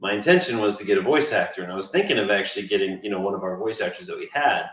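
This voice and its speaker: A man's voice: fairly low pitch, rapid-fire, a bit bright. A man co-hosting a casual livestream, telling a story in a chatty way and laughing often. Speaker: game developer and co-host. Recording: roomy, distant, dull sound.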